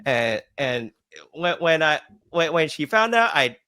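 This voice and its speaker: A man's voice: a little high, very animated, measured pace, sharp tone, clear, resonant tone. A young man co-hosting a casual debate podcast, telling stories animatedly, laughing often and repeating himself. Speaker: podcast co-host.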